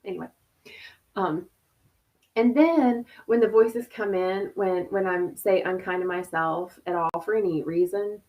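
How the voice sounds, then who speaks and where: A woman's voice: lowish voice, measured pace, a little mellow. A woman hosting a casual live stream from home over a video call, chatty and laughing, full of "like" and "y'all". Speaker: host.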